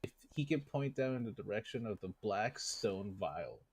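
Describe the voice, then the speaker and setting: A man's voice: on the low side, lively intonation, moderate pace, a little hiss or hum. A man playing in a tabletop game over voice chat, casual and joking, with some swearing. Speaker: player.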